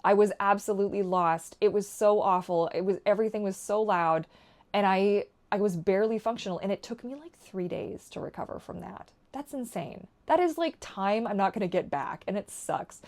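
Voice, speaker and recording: A young woman from Canada talking candidly to camera in a rambling vlog, swinging from quiet asides to loud ranting and swearing. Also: medium pitch, moderate pace. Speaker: vlogger.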